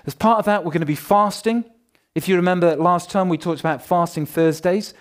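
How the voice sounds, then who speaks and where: A man, a pastor giving church notices in a lively, jokey, conversational way to his congregation. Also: sits high, a little fast.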